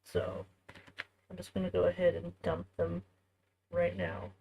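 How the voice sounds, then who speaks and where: A woman's voice: fairly low pitch, completely flat delivery, measured pace, vocal fry, mellow, husky, low-quality recording. A woman streaming from home, chatting casually with viewers as she works on a craft. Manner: chatty, talks to viewers while working. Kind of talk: casual live-stream chat while crafting.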